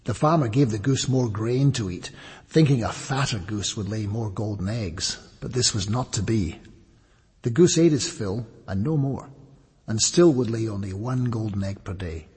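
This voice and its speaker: A man narrating a fable in a measured storybook manner. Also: on the low side, animated, darkish tone, breathy edge, in a large hall.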